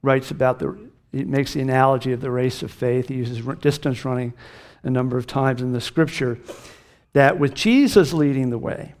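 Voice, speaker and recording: A man's voice: mid-range voice, normal speed, a little mellow. A middle-aged man preaching a sermon as pastor, earnest and emphatic, lifting his voice on key phrases.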